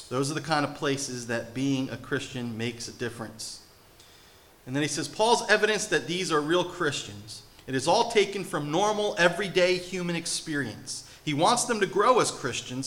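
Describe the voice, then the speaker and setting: A man's voice: a little high, animated, moderate pace, a bit bright. A man in his thirties preaching a sermon with emphatic rhetorical questions. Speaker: pastor.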